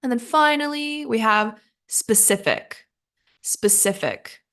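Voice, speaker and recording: A woman's voice: fairly high pitch, a bit bright. A woman, possibly, teaching English pronunciation in a casual spoken lesson. She is chatty and self-mocking, drags out the words she models, and sounds worn out from recording several episodes in a row. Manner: chatty, self-mocking, laughs at her own slips; slow, drawn-out model pronunciations.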